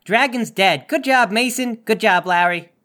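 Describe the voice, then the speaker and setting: A man's voice: sits high, measured pace, sharp tone. A man playing a tabletop game, goofy and playful in his banter. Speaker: player.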